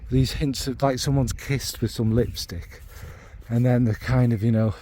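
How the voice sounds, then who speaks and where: A man with a Northern English accent talks in an easygoing, meandering way, groping for the right words as he goes. His voice is warm and mellow at a middle pitch, with a faint hiss of noise under it. He is blunt and drops the odd swear word. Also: steady tone, normal speed. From Northern England. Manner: meandering, searching for descriptive words. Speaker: fragrance reviewer. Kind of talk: casual spoken review.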